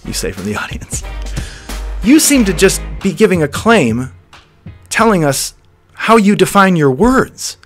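A man's voice: sits high, very animated, normal speed, a bit bright, soft background music. A man hosting a philosophy podcast, talking the listener through an imagined scene, chuckling often and repeating words as he thinks aloud. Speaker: podcast host.

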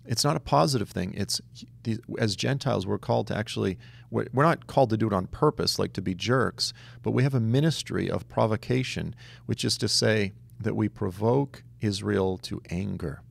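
A man teaching a conversational Bible study, telling stories in an animated, emphatic way with casual asides. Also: lowish voice, normal speed, vocal fry.

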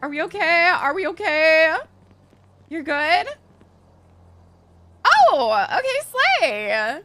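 A woman in her twenties chatting casually on a live game stream, excitable and swearing freely. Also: very high voice, slow. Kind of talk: casual live-stream chat while role-playing a game.

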